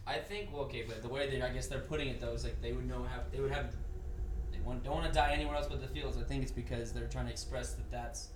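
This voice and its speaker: A young man co-hosting a casual sports podcast, laid-back and quick to laugh. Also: medium pitch, steady tone, slight background noise. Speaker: podcast co-host.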